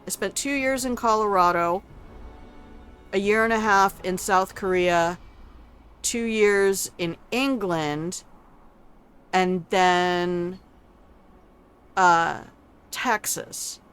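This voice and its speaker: A woman's voice: mid-range voice, very slow, long pauses, a bit bright, smooth, soft background music. An older woman streaming a video game, chatting casually with viewers in a salty, teasing way and swearing freely. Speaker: gaming streamer. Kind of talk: casual gameplay commentary.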